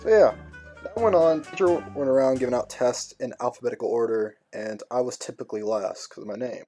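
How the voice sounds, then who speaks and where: A man's voice: mid-range voice, a little fast, faint music behind. A young man narrating a storytime animation in a casual, slangy way, playfully acting out what others said. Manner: relaxed slangy delivery, playful quoting.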